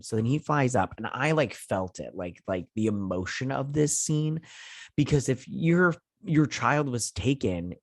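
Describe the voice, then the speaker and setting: A man's voice: fairly low pitch, moderate pace, a little mellow, no room sound. Rambling man recapping a show, dry close mic. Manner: rambling, filler-heavy retelling with quoted lines and mild cursing. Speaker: host of a TV review channel. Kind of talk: casual episode recap and review.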